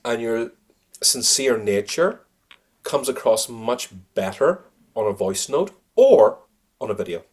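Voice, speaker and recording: Animated guy, kinda husky, laughs a lot, sales coach on a podcast. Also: medium pitch, measured pace. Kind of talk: podcast interview.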